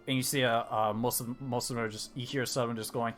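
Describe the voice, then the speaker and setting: A man's voice: medium pitch, flat delivery, fast, fairly bright tone, soft background music. A man narrating a tabletop game as dungeon master, rambling with many fillers and restarts.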